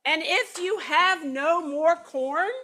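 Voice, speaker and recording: A woman's voice: very high voice, slow, sharp tone, pitched above the performer's own voice, full character voice. A woman voicing a grumpy, threatening male village mayor in a read-aloud children's story, snapping and exasperated. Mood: menacing.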